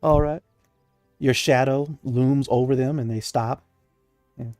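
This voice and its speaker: A man's voice: mid-range voice, steady tone, takes it slowly, darkish tone, dry recording, clean studio sound, soft background music. Chatty male game master, laughing. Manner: chatty, laughing, with many fillers. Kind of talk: narrating a tabletop game.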